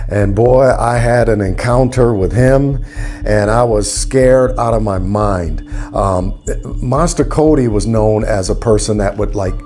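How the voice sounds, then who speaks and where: A middle-aged man from Michigan telling his own life story in a casual, animated way, full of fillers and acted-out quotes. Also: fairly low pitch. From Battle Creek, Michigan, US. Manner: animated, acts out quoted voices, frequent fillers. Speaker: storyteller in a docu-series.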